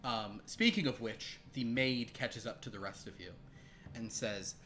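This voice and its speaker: A man runs a tabletop game session with a bright, forward voice. He narrates in an animated way, often jumping into character voices. Faint music plays underneath. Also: mid-range voice, unhurried. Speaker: game master.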